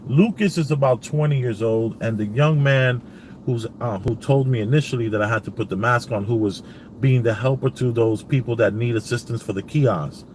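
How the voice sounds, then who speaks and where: A man in his parked car, speaking at a middling pitch as he rambles through a story. He tells it casually and stops often to recount what he said and what was said back. A faint hum of noise runs under his voice. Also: normal speed, a little mellow. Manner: rambling, retells dialogue with many "I says" asides. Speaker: vlogger.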